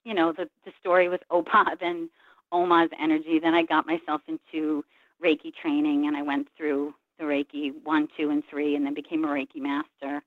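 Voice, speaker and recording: A woman's voice: sits low, flat delivery, normal speed, no echo. Woman, reflective storyteller, acts out others' lines, tinny phone-line sound, dry. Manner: earnest, reflective, retells scenes by voicing others' words. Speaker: guest, Reiki practitioner. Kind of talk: personal storytelling in a call-in interview.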